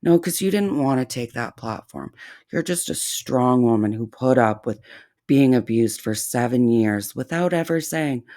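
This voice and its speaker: A man hosting a reaction commentary, speaking in a sarcastic, mocking way with deliberate, drawn-out phrasing. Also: medium pitch, expressive, a little mellow. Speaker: commentary channel host.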